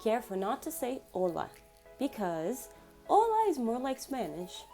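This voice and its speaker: A woman leads a beginner language lesson, her fairly high voice rising and falling with lots of expression. She breaks words apart and says them slowly for learners. Faint music plays underneath. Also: wildly swooping pitch, mellow. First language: Portuguese. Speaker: language teacher.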